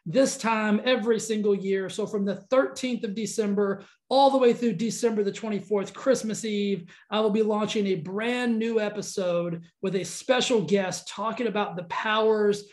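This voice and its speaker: Southern guy hosting a podcast, excited and rambly, roomy echo. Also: high voice, moderate pace, hardly any pauses. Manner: upbeat, rambling, enthusiastic. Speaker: podcast host. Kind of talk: casual interview chat. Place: California.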